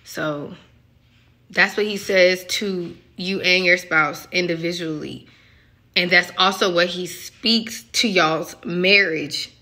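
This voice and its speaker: Very bright-voiced young woman. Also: on the low side, slow. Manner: emotional, musing, conversational. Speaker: spiritual love coach. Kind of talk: casual spiritual message reading.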